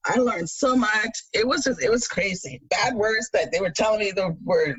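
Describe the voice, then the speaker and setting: A woman in her thirties from Jamaica, co-hosting a podcast and chatting casually, an animated storyteller who laughs often. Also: mid-range voice, moderate pace, few pauses, breathy edge, no room sound, dull audio. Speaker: podcast co-host. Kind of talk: casual chat.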